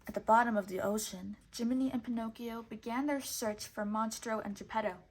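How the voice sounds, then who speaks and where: A woman reading a children's storybook aloud in clear, measured narration. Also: a little high, slight background noise. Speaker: storybook reader.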